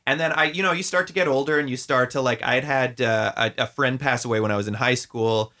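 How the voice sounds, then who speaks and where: Bright-voiced man, rambling and reflective. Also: medium pitch, fairly quick. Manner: rambling, reflective, many filler words. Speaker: guest. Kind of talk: casual heartfelt conversation.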